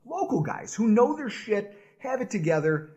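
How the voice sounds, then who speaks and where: A man co-hosting a casual sports podcast, loud and playful, laughing often as he bantered. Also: high voice, very animated, moderate pace, lo-fi sound. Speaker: podcast co-host.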